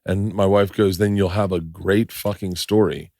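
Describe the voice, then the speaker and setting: A man's voice: low-pitched, fairly even intonation, normal speed, dark tone, dry recording, clean studio sound. A man hosting a podcast, trading loose and profane stories in casual chat. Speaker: podcast host.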